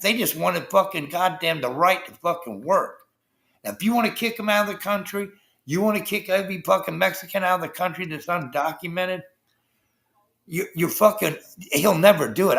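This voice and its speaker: A man's voice: high voice, gravelly, fairly bright tone. A man hosting a livestream, ranting heatedly about politics with constant swearing and talking to his chat viewers. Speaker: livestream host. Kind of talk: profane political rant on a livestream.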